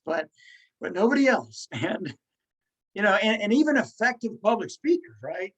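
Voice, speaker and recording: A man's voice: fairly high pitch, lively intonation, moderate pace, breathy edge, poor audio. A man hosting a podcast, talking casually and encouragingly while he stutters, repeating words and restarting. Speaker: podcast host.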